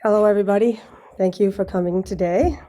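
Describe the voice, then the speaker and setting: A woman with a Boston accent from Massachusetts giving a prepared speech at a graduation ceremony, a little nervous, clearing her throat now and then and dropping in joking asides. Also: mid-range voice, fairly even intonation, fast talker, dark tone, slight background noise. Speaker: graduate speaker. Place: ceremony with live audience.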